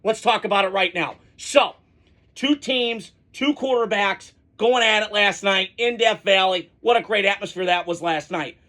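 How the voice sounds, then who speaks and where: A man's voice: sits high, normal speed, pushed and bright. A man hosting a college football podcast, giving casual, opinionated solo commentary with rambling asides and frequent restarts.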